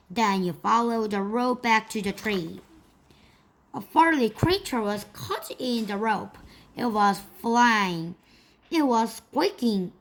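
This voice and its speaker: A woman reading a children's storybook aloud in a slow, careful way. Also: a little high. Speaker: storybook reader.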